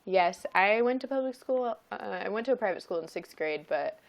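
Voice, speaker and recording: A woman's voice: mid-range voice, expressive, a little fast. A young adult woman hosting a casual livestream chat, telling stories with frequent laughter. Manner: chatty, laughs often while telling stories. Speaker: livestream host.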